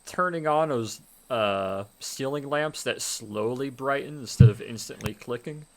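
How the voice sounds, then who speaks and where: A man's voice: mid-range voice, a little slow. A man narrating as game master of a tabletop game, with loose, rambling descriptions full of fillers.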